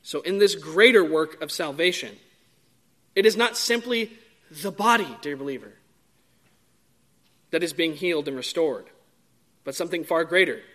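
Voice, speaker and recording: Bright-voiced, high male preacher. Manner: measured, emphatic preaching with drawn-out stresses. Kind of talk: sermon.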